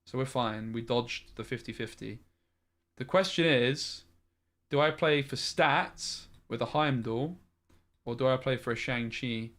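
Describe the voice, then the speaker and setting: A man's voice: medium pitch, unhurried, fairly bright tone. A man streaming a card game, thinking aloud in a frustrated way and swearing often. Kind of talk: live-streamed gameplay commentary.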